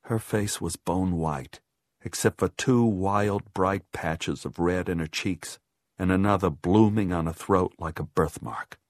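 A man reading a first-person horror audiobook, measured, dropping low and quiet on grim lines. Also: no echo, studio quality. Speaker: audiobook narrator.

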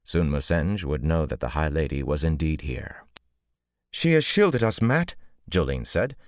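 Very deep-voiced male audiobook narrator. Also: vocal fry, a little mellow, dry recording, clean studio sound. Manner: measured, deep-voiced reading with voiced characters. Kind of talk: scripted narration.

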